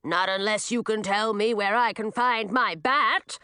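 A woman's voice: mid-range voice, measured pace, pushed and bright, clear, resonant tone, dry recording, studio quality. Woman playing a brash, cackling old witch. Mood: demanding.

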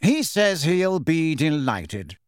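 A man's voice: on the high side, sing-song, slow pace, clean tone, no echo, clean studio sound. A man doing a reedy, bored old wizard. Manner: languid, bored drawl. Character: bored, haughty old male portrait wizard.

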